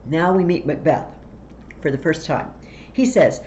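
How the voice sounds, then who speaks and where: A woman's voice: sits low, animated, measured pace, darkish tone, slight background noise. Woman teacher chatting through a play, bouncy voice, kinda dull recording. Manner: chatty, paraphrases lines in slang. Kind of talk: casual play explanation for students.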